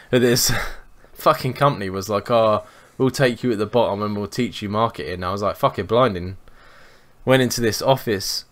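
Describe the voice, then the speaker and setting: Young man, podcast co-host, animated, swearing a lot, casual. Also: lowish voice. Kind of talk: casual storytelling chat.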